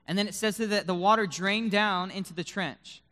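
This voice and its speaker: A man preaching a sermon to students in a room, swinging between loud emphatic bursts and hushed low tones and reading scripture aloud with dramatic emphasis. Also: moderate pace. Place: room with a live audience.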